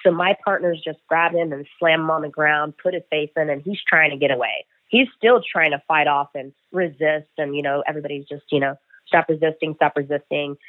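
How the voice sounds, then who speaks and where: A man's voice: fairly high pitch, brisk, few pauses, no room sound. Man telling a story over a tinny phone line. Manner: animated, acts out dialogue with "I'm like". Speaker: bail enforcement agent. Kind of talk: storytelling in an interview.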